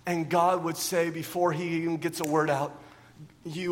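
A man's voice: a little high, flat delivery, normal speed, in a large hall. A man preaching a sermon as pastor, often asking his listeners rhetorical questions and repeating words as he goes.

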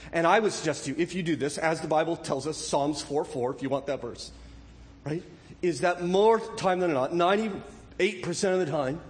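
A man preaching a sermon as pastor, earnest and animated, asking rhetorical questions of his listeners. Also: a little high, in a large hall.

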